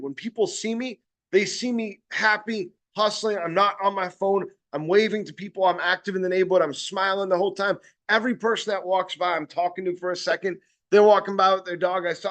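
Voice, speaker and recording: A man's voice: high-pitched, a bit bright. A man giving a casual sales training talk, rambling and blunt, swearing freely and checking in with his listeners.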